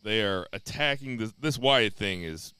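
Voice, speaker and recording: Podcast co-host, male, lowish voice, bright and crisp, blunt deadpan delivery, dry close mic. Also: unhurried, no echo. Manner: blunt, swears freely, deadpan jokes. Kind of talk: casual wrestling podcast chat.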